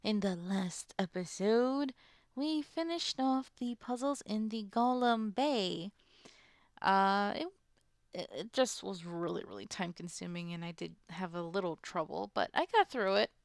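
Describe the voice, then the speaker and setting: A woman's voice: mid-range voice, unhurried, gravelly, no echo, studio quality. A woman hosting a let's play, chatting casually and giggling as she reads game dialogue aloud. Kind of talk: casual gameplay commentary and reading game dialogue.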